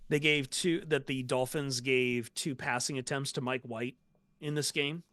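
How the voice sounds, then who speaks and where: A man's voice: mid-range voice, fairly even intonation, a little slow, bright, forceful tone, dry recording. A man co-hosting a sports podcast, chatting casually and giving opinionated takes. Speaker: podcast co-host.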